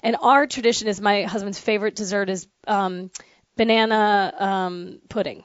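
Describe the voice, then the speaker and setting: A chatty woman from the northern United States co-hosts a relaxed conversation, spinning family stories with quick laughs. Her voice sounds dry and close, with a slightly dull, muffled top end. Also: medium pitch, no echo. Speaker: co-host. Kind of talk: casual chat.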